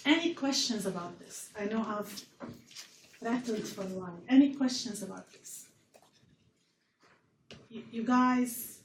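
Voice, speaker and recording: A woman's voice: fairly high pitch, animated, a little slow, pauses often. A woman giving a university public health lecture to a class, earnest and repeating words as she explains. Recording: roomy lecture hall from far off with faint noise.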